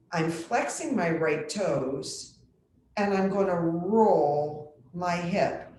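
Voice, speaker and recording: A woman yoga instructor guiding a chair yoga class with calm, step-by-step instructions, clearing her throat now and then. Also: on the low side, slight background noise. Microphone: computer mic. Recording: very echoey room on a computer mic.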